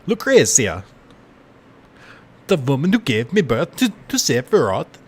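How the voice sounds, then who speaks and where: A man voicing a gloomy former agent who talks slowly and dramatically. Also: medium pitch, huge pitch swings, husky, pitched above the performer's own voice, heavily acted. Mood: somber. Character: brooding male gunman, somber ex-agent, gloomy.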